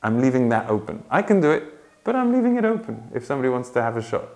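A man teaches ukulele in a casual, chatty way, laughing often and breaking into song for sung demonstrations, with ukulele playing in the background. His medium-pitched, slightly mellow voice is fast with big pitch swings.

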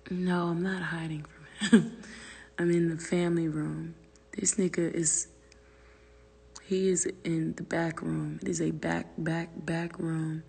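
Husky woman chatting loosely on a livestream. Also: fairly low pitch, flat delivery, takes it slowly, darkish tone, big-room sound. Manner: loose, profane, rambling, drops to whispers. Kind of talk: casual livestream chat, reading comments. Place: family room at home.

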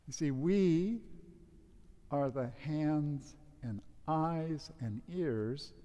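In a church with long reverb, a priest officiates a wedding and gives a casual homily that includes a joke, telling it like a relaxed storyteller. His fairly high voice is warm, with drawn-out words.

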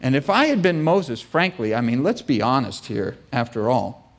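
A man preaching a sermon as the church's pastor, telling the story in an animated, joking way and acting out the voices. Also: medium pitch, moderate pace.

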